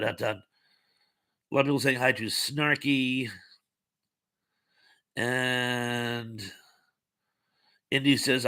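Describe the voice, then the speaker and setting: A man's voice: medium pitch, pushed and bright. A man hosting a casual livestream, reading viewer comments aloud and rambling loosely between them with many ums and uhs. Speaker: host.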